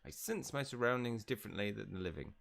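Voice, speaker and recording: A man's voice: lowish voice, animated, quick pace, gravelly, fairly bright tone. A man voicing a pompous, theatrical old male ghost nobleman in a grand, formal manner, reading game dialogue aloud. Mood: grandiose. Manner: grand, formal delivery, attempting a British accent.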